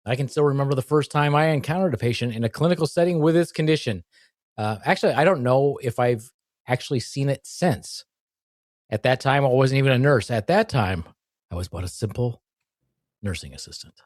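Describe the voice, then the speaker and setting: A man's voice: medium pitch, animated, fairly quick, a little mellow, dry recording, studio quality. A man co-hosting a podcast, a nurse explaining things in a jokey, mock-dramatic way. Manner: jokey, mock-dramatic, hammy segment announcements. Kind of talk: casual comedic chat.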